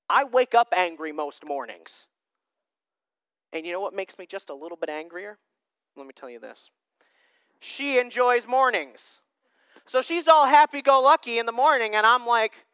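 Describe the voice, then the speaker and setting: A young male pastor preaches in a loose, conversational way, poking fun at himself between points. His voice sits high and bright, with a smooth, clean tone. The sound is dry and close, with no room behind it. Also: normal speed, pauses often, dry recording. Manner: conversational, self-deprecating, with lively asides. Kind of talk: sermon.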